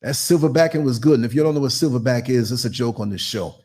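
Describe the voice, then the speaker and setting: A man hosting a live podcast, telling a story in an animated, theatrical way and acting out voices and sounds. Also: mid-range voice, fast. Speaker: podcast host.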